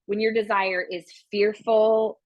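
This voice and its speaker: A woman's voice: medium pitch, level tone, measured pace, no echo, highs cut off. A young woman hosting a podcast, talking in a casual chatty way full of fillers and restarts. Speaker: podcast host. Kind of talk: casual chat.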